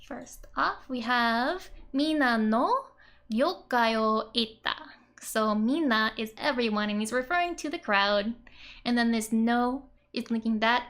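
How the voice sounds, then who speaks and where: A woman's voice: a little high, lively intonation, unhurried, a bit bright. Giggly chatty woman teaching language. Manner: chatty, giggly, lots of fillers like "like" and "um". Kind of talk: casual explanatory lesson.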